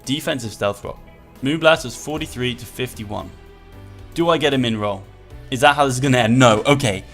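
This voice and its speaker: A young man talks through a video game as he plays, half muttering to himself and then breaking into loud, excited yelling. His voice sits at an ordinary pitch. Faint music plays under him. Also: moderate pace. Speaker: gaming video creator. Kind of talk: live gameplay commentary.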